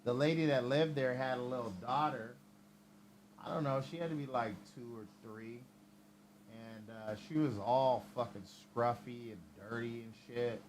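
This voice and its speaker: A man's voice: medium pitch, unhurried, a little hiss or hum. A man hosting a livestream, telling a rambling, heavily profane story in casual chat. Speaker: livestream host.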